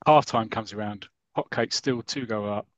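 A man's voice: on the low side, normal speed, dry recording. A man hosting a podcast, enthusiastically rambling through an old comic story. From United Kingdom. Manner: enthusiastic, rambling, acts out characters' lines. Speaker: podcast host. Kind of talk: casual chat, retelling a comic story.

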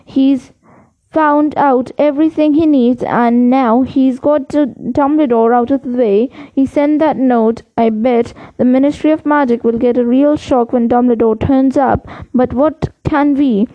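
An anxious, hurried schoolboy wizard from a storybook, read by a woman. The voice sits high, and the recording sounds dull. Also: fairly even intonation. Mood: urgent.

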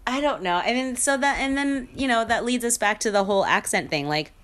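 A woman's voice: fairly high pitch, expressive, fairly quick, fairly bright tone. A woman hosting her own podcast, talking through her opinions in a candid monologue with frequent fillers, restarts and small laughs. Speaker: podcast host.

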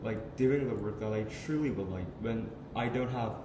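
A teenage boy co-hosting a student podcast, talking earnestly in casual chat with halting restarts. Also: lowish voice. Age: teens. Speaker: podcast co-host. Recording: echoey room with noise.

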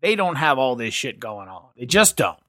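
A podcast co-host chatting casually about a movie, rambling and quick to joke. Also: medium pitch, very animated, pushed and bright, no room sound. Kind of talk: casual movie review chat.

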